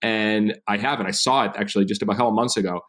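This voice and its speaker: A man in his thirties, a podcast guest, telling stories in a casual animated way and acting out quoted dialogue. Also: on the low side, quick pace. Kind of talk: casual interview storytelling.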